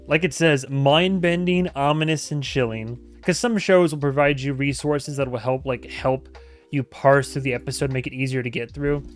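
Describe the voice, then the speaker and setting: A man hosting a reaction channel, talking casually to his viewers and stumbling through German phrases with a self-mocking laugh. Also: mid-range voice. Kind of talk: casual talk to camera.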